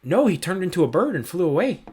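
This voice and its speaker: A man's voice: high-pitched, sing-song, fast, darkish tone. A man narrating as game master in a tabletop game, loose and laughing, with many fillers.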